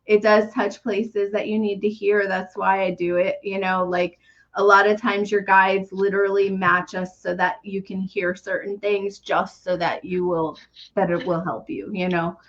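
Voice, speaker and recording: A woman hosting a live numerology reading, talking gently and earnestly with soft fillers and small laughs. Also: medium pitch, level tone, moderate pace. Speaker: numerology reader and podcast host. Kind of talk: live reading on a video call. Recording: dull lo-fi stream audio.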